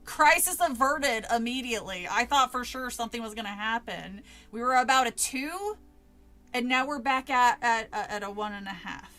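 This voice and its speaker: A woman's voice: on the high side, moderate pace, sharp tone, soft background music. A woman streamer reading a spooky book aloud with casual asides to chat, laughing often and swearing freely.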